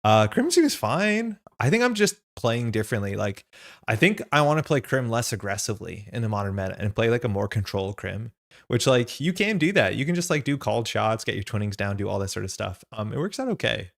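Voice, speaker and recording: A man's voice: lowish voice, very animated, quick pace, gravelly. A young man hosting a live stream, out of breath and chatty, greeting viewers in the chat by name. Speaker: streamer and host.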